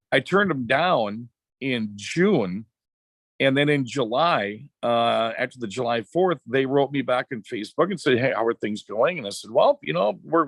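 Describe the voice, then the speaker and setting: A middle-aged man from Wisconsin, a former racetrack announcer, telling a story as a podcast guest in a chatty, animated way. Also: mid-range voice, dry recording. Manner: chatty, animated anecdotes with quoted dialogue. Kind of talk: casual storytelling.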